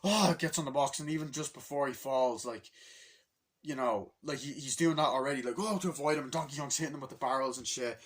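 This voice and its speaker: A young man excitedly recapping a movie in a rambling, casual way, swearing often and bursting into acted-out lines from the scenes. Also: mid-range voice, fast. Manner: rambling, swears a lot, acts out scenes with shouted voices. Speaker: movie reviewer.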